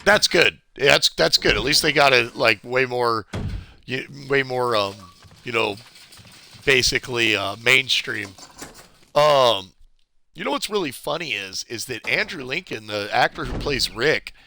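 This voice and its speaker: A man's voice: medium pitch, animated, measured pace, bright, forceful tone, a little hiss or hum. A man from California chatting casually with viewers while playing through a game walkthrough on a live stream. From California, USA. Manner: chatty, rambling, greets viewers. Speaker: gameplay streamer.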